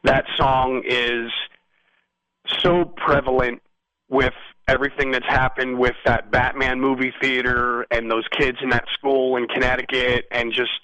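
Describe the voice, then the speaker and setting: A man being interviewed as a musician guest, telling rambling, animated stories and often asking "you know what I mean?". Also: mid-range voice, unhurried, clear, resonant tone, no echo, low-quality recording. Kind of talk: casual storytelling interview.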